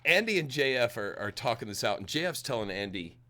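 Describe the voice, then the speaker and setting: A man co-hosting a casual drinking podcast chat, animated and laughing, slipping into mocking impressions. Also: medium pitch, a little fast, a little hiss or hum. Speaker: podcast co-host.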